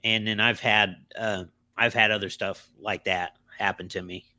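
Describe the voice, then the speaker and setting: This male host talks in a low voice with a forceful, bright tone. He comes across as sympathetic and sometimes stumbles over his words, and the recording is dry and close. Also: steady tone, moderate pace, no echo. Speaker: podcast host. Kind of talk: casual chat.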